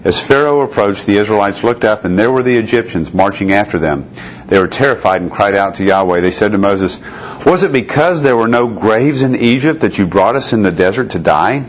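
A man's voice: fairly low pitch, a little fast. A man teaching a Bible study, reading scripture aloud and then explaining it in a conversational way. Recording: dull lo-fi recording with faint noise.

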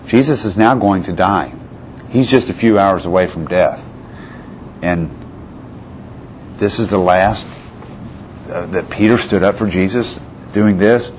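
A man's voice: sits low, unhurried, pauses often, a little mellow. A man preaching a sermon who reads scripture passages aloud and puts rhetorical questions to his listeners. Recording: slightly muffled with faint background hiss.

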